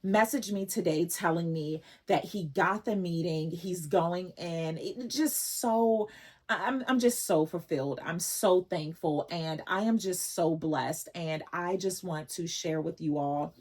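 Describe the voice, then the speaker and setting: A woman with a lowish, husky voice chats straight to her viewers in a casual vlog. She sounds emotional and effusive and keeps circling back over her own words. She is in her forties. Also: a little slow, darkish tone. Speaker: vlogger.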